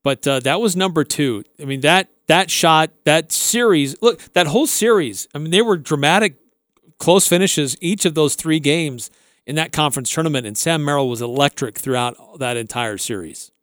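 A man hosting a sports radio show, running through results in steady casual talk. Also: fairly high pitch, moderate pace, no echo, studio quality. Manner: steady, listing facts plainly.

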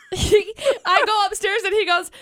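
A woman's voice: very high voice, fairly even intonation, a little slow, fairly bright tone, no room sound, studio quality. A young woman co-hosting a morning radio show, telling a story in casual banter and laughing as she goes. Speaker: radio co-host.

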